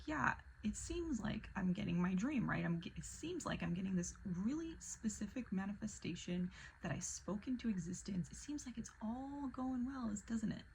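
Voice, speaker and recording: A young woman telling a personal story in casual vlog style, animated and full of fillers, often dropping into breathy whispers. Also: mid-range voice, slight background noise, low-quality recording. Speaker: vlogger.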